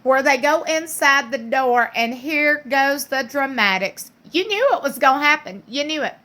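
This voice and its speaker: A woman's voice: high-pitched, animated, normal speed, pushed and bright. A woman, casually recapping a reality show in a sassy, gossipy way full of slang and playful impressions.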